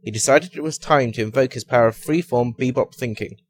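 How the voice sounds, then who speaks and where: A man reading a comic detective story aloud with a wry, expressive delivery. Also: medium pitch, brisk.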